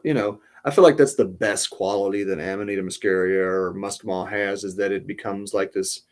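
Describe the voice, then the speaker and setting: A man's voice: lowish voice, a little mellow. Rambling man telling a podcast story. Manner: rambling, many ums and restarts. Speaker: podcast host. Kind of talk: casual storytelling.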